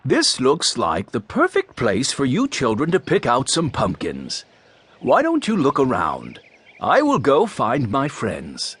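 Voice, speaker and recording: A man reading a storybook, voicing a kindly, measured older grandfather close to his own voice. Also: medium pitch, huge pitch swings, a bit bright, breathy edge, heavily acted.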